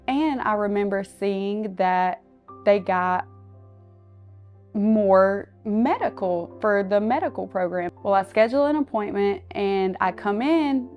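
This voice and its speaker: Woman in her twenties, mother, candid personal testimony, mid pitch, soft music behind. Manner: candid, earnest storytelling, often quoting others. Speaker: client giving a testimonial.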